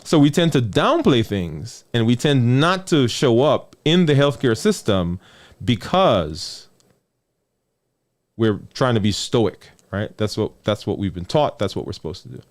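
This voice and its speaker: A man speaks as a physician giving a conversational health talk. His pitch is lively and animated, and he often sinks low and quiet for emphasis. He keeps checking in with the listener and repeats phrases to drive a point home. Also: a little slow. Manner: drops low and soft on key words.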